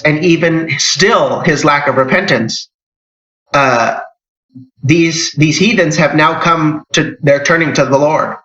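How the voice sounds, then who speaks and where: Bright-voiced man preaching in an echoey hall. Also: a little high. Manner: conversational, with frequent restarts and emphatic rises. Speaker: church elder teaching a Bible lesson. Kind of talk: informal sermon. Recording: echoey church hall, dull lo-fi sound.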